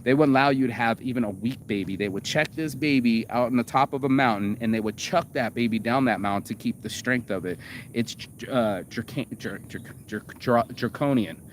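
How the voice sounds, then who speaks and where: A man's voice: mid-range voice, a little fast, a little hiss or hum. A man hosting a casual monologue, reacting to a video. He rambles, swears freely and stumbles over fillers and restarts.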